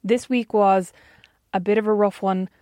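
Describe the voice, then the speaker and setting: A woman's voice: medium pitch, steady tone, moderate pace, dark tone, no room sound, clean studio sound. An Irish woman in her thirties co-hosting a podcast, chatty and self-mocking in casual conversation. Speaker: podcast co-host. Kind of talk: casual chat.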